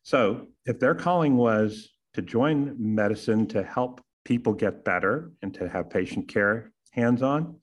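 A husky-voiced man with a drawl, hosting his own show. He delivers a scripted monologue with sarcastic, punchy turns and pointed rhetorical questions, at a middling pitch. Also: lively intonation, measured pace, few pauses. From Texas. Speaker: podcast host.

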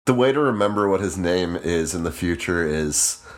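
A man with a very deep voice whose pitch still swings widely as he talks. He co-hosts a comedy podcast and keeps chiming in with dry, wry remarks. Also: expressive, normal speed. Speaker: podcast co-host. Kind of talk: casual comedic chat.

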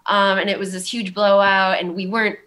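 Young woman with a valley girl accent, bright voice, rambly, lots of likes and ums. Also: medium pitch, level tone, brisk. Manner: rambling, heavy use of "like" and "um". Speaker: guest. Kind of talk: candid conversational storytelling.

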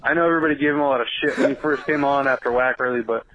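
A man's voice: medium pitch, fairly even intonation, rapid-fire, crowd noise. A man leaving a voicemail for a podcast, jokey and crude. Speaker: caller. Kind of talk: voicemail message. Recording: dull lo-fi voicemail.

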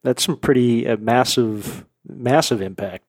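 A man's voice: mid-range voice, a little slow, a little mellow, no echo. A man hosting a podcast interview, giving brief reactions and affirmations. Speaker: podcast host.

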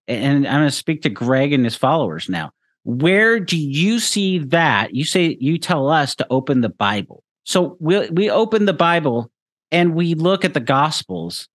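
Emphatic man host with a lively voice. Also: medium pitch, no echo. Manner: emphatic, repeats himself, addresses the preacher directly. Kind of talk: critical commentary.

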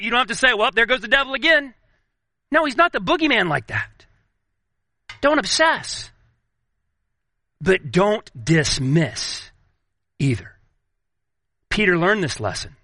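A man preaching a sermon as pastor, earnest, slowing down and dropping his voice low for emphasis. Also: pushed and bright, dry recording.

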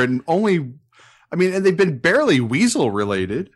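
A man's voice: a little high, big pitch swings, moderate pace. A man co-hosting a casual movie commentary show, emphatic and profane, often repeating his point. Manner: emphatic, swears, repeats himself. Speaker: movie review podcast co-host.

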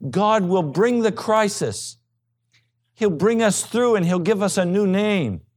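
A male pastor preaching a sermon with emphasis, swinging from loud high peaks to low quiet asides. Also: unhurried.

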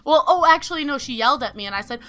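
Young woman, slightly high, bright and forceful tone; animated, swearing storyteller, light music underneath. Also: very fast. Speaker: podcast host telling a story. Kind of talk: casual storytelling chat.

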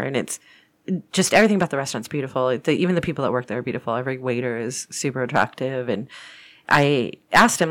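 A woman hosting a paranormal podcast, telling a story in a chatty, rambling way with frequent restarts. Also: sits low. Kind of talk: casual storytelling.

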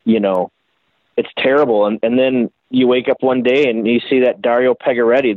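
A bike builder from Minnesota telling animated, profane stories in a casual interview. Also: male voice, mid-range voice, no echo. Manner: animated, profane, rambling storyteller. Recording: tinny phone-like line.

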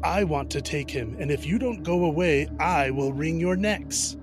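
A man voicing a greedy, threatening male devil in a fairy tale, loud and raised in pitch. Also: moderate pace, over music, close to an everyday voice. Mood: menacing.

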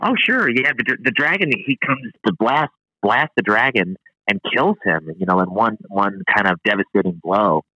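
Low guy with a really bright edgy tone, easygoing podcast guest thinking out loud. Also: animated, moderate pace, slightly rough, dry recording, highs cut off. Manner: agreeable, easygoing, thinks aloud. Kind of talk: casual comic book review chat.

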